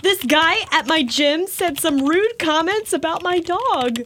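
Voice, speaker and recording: A woman's voice: very high-pitched, animated, measured pace, a bit bright, slight background noise, voice pushed up, heavily acted. A woman reading the part of a melodramatic woman crying over an insult to her dog, whiny and overwrought. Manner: whiny, overwrought sobbing complaint.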